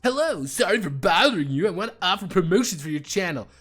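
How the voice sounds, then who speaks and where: A man's voice: high-pitched, big pitch swings, fast, a bit bright, husky, soft background music, pitched above the performer's own voice, full character voice. A man reading out a spam bot's message in a stiff, overly formal male voice. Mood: mock-polite.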